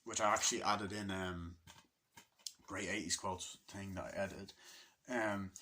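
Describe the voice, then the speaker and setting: A man's voice: deep voice, steady tone, measured pace, bright, forceful tone. A man giving a casual, rambling movie review, swearing freely and loosely chatty.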